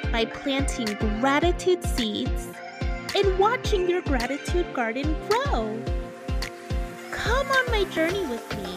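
A woman podcast host giving an upbeat, enthusiastic, motivational introduction. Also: sits high.

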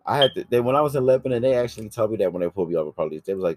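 Very deep-voiced man, brash and profane. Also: rapid-fire, no room sound. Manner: brash, profane, animated storytelling. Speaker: podcast host. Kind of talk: casual chat.

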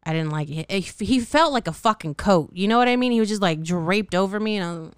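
Brief: woman in her thirties, solo podcast host, very smooth clear voice, dry close mic, blunt and cussing, sore throat. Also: medium pitch, expressive, fast talker, hardly any pauses, no echo. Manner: blunt, profane, laughs often, self-mocking. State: slightly sore, scratchy throat. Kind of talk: candid solo podcast monologue.

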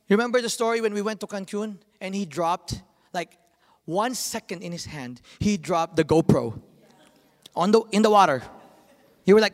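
A man in his thirties preaching a sermon, telling family stories with lively, acted-out quotes. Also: high-pitched, moderate pace. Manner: animated storytelling, acts out quotes. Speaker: pastor. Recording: long hall reverb.

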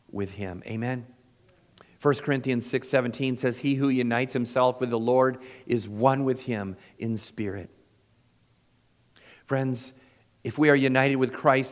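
A man, a pastor, preaching a sermon with animated bursts and call-and-response to his congregation. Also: medium pitch. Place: church sanctuary. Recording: long reverb of a church hall.

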